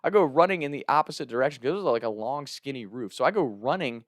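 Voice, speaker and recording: Animated, profane man telling a story. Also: medium pitch, fast talker, dry recording, studio quality. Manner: animated, profane, laughs between lines; earnest and heartfelt when thanking viewers. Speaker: storyteller and content creator. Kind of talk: storytime vlog, comic anecdote.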